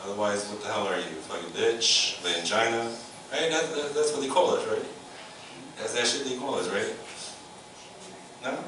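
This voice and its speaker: Profane comic teasing an echoey crowd. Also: male voice, mid-range voice, moderate pace, long pauses, pushed and bright. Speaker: stand-up comic. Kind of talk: stand-up comedy set. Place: comedy club. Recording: echoey club from far off with room noise.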